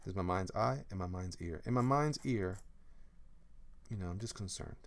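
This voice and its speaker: A comic artist draws on a live stream, chatting casually in a low-pitched, creaky voice at a normal pace. He is playful, reading viewer comments aloud and breaking into hummed or sung snippets of songs.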